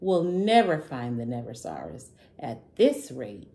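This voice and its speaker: A woman reading the part of a small, grumpy boy dinosaur who shouts huffily on a monster hunt. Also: rumbling low, huge pitch swings, measured pace, pitched below the performer's own voice, exaggerated voice. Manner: shouting, huffy.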